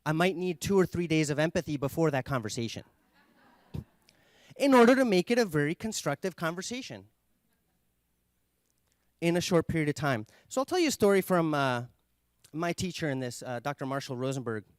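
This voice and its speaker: A man giving an earnest conference talk, explaining ideas and telling a story with pauses and fillers. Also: on the high side, expressive, no room sound. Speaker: conference speaker.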